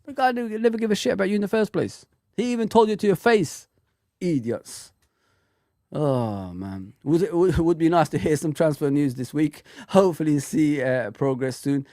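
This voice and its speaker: A man's voice: on the high side, normal speed, mellow, dry recording, studio quality. Angry sweary male football streamer. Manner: angry, sweary, repetitive ranting. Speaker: fan channel streamer. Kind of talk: ranting live stream.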